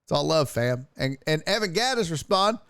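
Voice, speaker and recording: Here a streaming sports show host speaks a little high and sing-song at a moderate pace, his tone fairly bright and smooth. He rants and laughs his way through tweets in loose, profane banter, captured in clean studio sound with no room noise.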